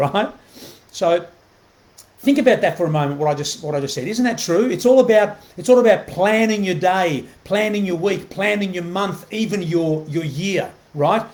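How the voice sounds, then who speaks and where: High-voiced earnest motivational man. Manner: earnest, keeps asking "right?" to the viewer; repeats himself, many fillers and restarts. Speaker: motivational host. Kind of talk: motivational live video talk.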